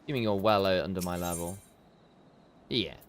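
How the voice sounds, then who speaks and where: A man's voice: low voice, brisk, slight background noise. Man chatting while streaming a game. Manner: chatty, talks to viewers between game actions. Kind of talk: casual chat while gaming.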